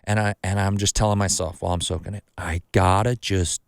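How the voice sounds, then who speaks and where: A man's voice: low-pitched, little pitch movement, brisk, gravelly, dry recording, clean studio sound. Swearing, storytelling podcast host man. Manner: swearing storyteller, acts out his own quotes. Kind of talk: casual podcast chat.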